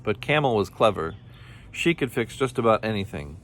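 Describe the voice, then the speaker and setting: A man reading a children's picture book aloud in a gentle, expressive way. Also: on the low side, moderate pace, a little hiss or hum. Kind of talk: storybook read-aloud.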